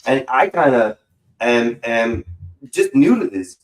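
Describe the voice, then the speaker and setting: A man hosting a call-in stream, talking casually and profanely in a rambling, animated way. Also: medium pitch, slow pace. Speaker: stream host. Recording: roomy echo.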